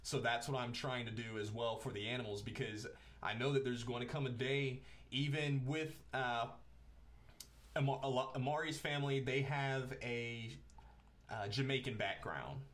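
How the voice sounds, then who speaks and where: A man's voice: mid-range voice, fairly even intonation, moderate pace, fairly bright tone. A man hosting a casual interview, talking earnestly and reading viewer comments aloud. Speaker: host.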